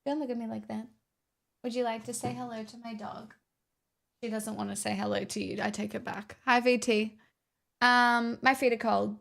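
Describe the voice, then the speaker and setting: A woman's voice: on the high side, little pitch movement, normal speed, gravelly, a bit bright. A woman streamer chatting casually with her viewers, tired and rambling, with playful self-mockery.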